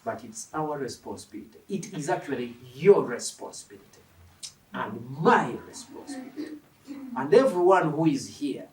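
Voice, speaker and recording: A man's voice: a little high, normal speed. A man preaching a sermon who quizzes the congregation and drives his points home with emphasis. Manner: animated, emphatic, asks the congregation questions. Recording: echoey hall, mic from a distance.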